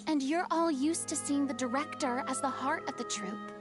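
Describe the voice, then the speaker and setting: A woman's voice: high voice, moderate pace, natural voice. A woman voicing a stern, commanding young woman in a game cutscene, lecturing a quarreling group with firm authority. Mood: earnest. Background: music.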